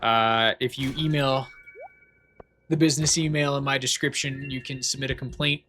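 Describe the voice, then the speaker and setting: A male streamer chatting casually over his gameplay, goofy and rambling and quick to poke fun at himself. His voice sits at a middling pitch, with a faint hiss of noise behind it. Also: steady tone, fairly bright tone. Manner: goofy, self-deprecating, rambling. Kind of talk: casual livestream chat while gaming.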